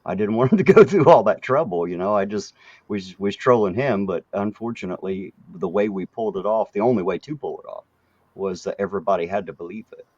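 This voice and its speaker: Man, very low voice, easygoing, chatty, livestream co-host, dull muffled audio. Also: quick pace, a little mellow, breathy edge, no echo. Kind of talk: casual livestream chat.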